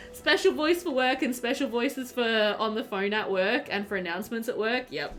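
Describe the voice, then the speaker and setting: A woman's voice: on the high side, expressive, moderate pace, a bit bright, soft background music. A woman chatting casually while streaming a game, reading chat aloud and laughing often.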